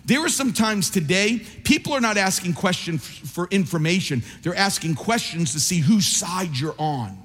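A pastor delivers his sermon in a lively, sweeping voice that climbs high and falls back low. He is a man whose tone sits well above the usual, and he acts out the voices of the people in his stories. His words ring out with the long reverb of a church hall. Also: normal speed, hardly any pauses, breathy edge. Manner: animated preaching, acts out quoted voices. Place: church sanctuary.

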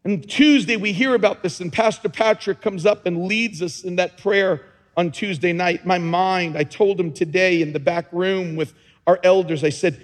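Pastor guy preaching hard, goes quiet then yells, pretty high voice, big echoey hall. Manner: impassioned preaching that swings from hushed to shouting. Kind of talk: sermon.

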